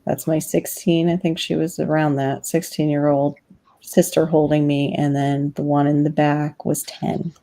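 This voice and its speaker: A woman's voice: sits low, level tone, moderate pace, warm tone, dry recording. A woman chatting casually on a family live stream, candid and wry, laughing often, picked up by a webcam mic at home. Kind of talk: casual chat.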